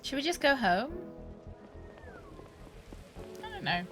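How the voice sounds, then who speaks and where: A woman's voice: high voice, sing-song, fast, a bit bright, faint music behind. A woman streamer chatting casually and jokingly while playing a game, laughing often. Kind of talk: casual gaming stream chat.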